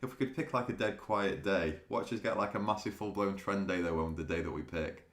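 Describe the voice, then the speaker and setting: A day trading streamer chats casually with viewers on a live stream, his low, fairly bright voice moving a little fast in an echoey room. He laughs often and restarts his sentences.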